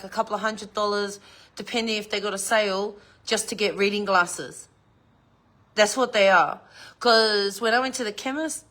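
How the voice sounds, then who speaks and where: A woman's voice: medium pitch, bright, forceful tone. A middle-aged woman, chatting casually on a livestream, laughing often and swearing freely. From New Zealand. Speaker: livestream host.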